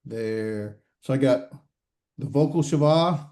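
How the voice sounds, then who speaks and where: A man lectures a grammar class in a warm, mellow voice. He stops often with "uh" and restarts his phrases. He keeps throwing questions at his students. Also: mid-range voice. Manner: halting, many fillers and restarts, quizzing students. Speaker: Hebrew grammar instructor. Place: classroom or online class session.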